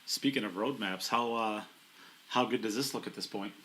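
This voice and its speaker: A man's voice: on the low side, moderate pace, a bit bright, slightly rough. A man co-commentating on a pool match, playful and full of banter. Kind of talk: live sports commentary.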